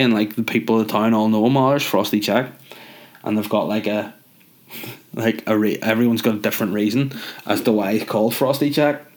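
A young man with a cold, ranting in a rambling, jokey, sweary way in a casual chat. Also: on the low side. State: stuffy from a cold. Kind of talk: casual comedic rant.

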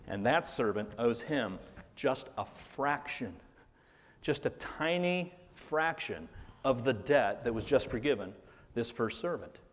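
A pastor preaching a sermon, earnest, rising to stress key words and then dropping low. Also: male voice. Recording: reverberant hall.

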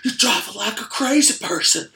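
A man voicing a furious, shouting go-kart track mechanic who barks orders at a kid. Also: high-pitched, animated, normal speed, voice pushed up, exaggerated voice. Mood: yelling. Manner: shouting angry commands.

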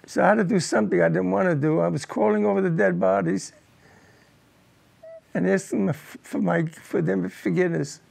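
Gravelly-voiced older man recalling war. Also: sits high, steady tone, darkish tone. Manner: halting, repeats words while telling a painful memory. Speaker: war veteran recounting combat. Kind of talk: oral history interview.

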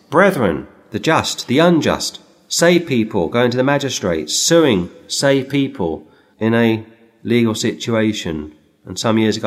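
A low-pitched, middle-aged man delivering a sermon. He speaks with emphasis and reaches up in pitch whenever he reads scripture aloud. His talk mixes Bible reading with personal stories. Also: normal speed. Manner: emphatic, rises sharply when reading scripture. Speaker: preacher.

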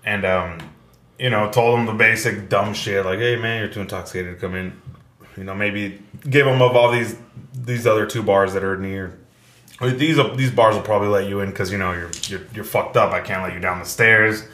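A man's voice: on the low side, fairly even intonation, normal speed, sharp tone. Man, profane rambling storyteller, casual chat, echoey room.

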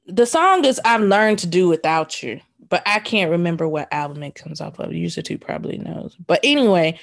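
A woman's voice: on the low side, no echo, clean studio sound. A woman from the American South co-hosting a casual podcast, emphatic and playfully scolding. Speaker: podcast co-host. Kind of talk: casual chat.

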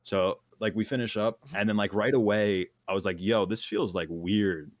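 A man's voice: lowish voice, fairly even intonation, normal speed, dry recording. A young man telling a long, wild story in casual chat, full of slang, fillers and laughs at himself.

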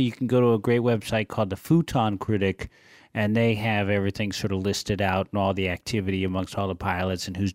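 A middle-aged man in casual conversation, pressing his opinions with emphasis. His voice sits fairly low, and the recording is dry and close. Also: no room sound. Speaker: podcast co-host. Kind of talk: casual chat.

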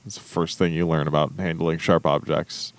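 A man's voice: extremely low pitch, flat delivery, normal speed, no room sound. A man on a casual podcast, dropping in short, dry asides. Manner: dry, laconic interjections. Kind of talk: casual chat.

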